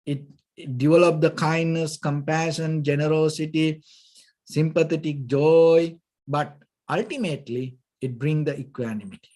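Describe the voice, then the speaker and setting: A man, a Buddhist monk, giving a dhamma talk, halting and searching for words, often saying "you know", with gentle, patient explanation. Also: on the high side, steady tone. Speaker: Buddhist monk teaching meditation.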